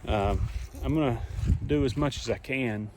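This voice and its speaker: Speaking at medium pitch and a measured pace, a young farmer talks through his fence work for a casual vlog recorded on a phone propped nearby in the field. He's plainspoken, thinking aloud while he works, and the background is noisy.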